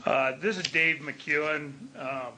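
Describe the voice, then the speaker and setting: A man from Montana giving a measured public comment for a wool growers group into a public meeting, pausing often on fillers. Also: a little high, background noise. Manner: measured, deliberate, with frequent filler pauses. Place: remote line into a public meeting.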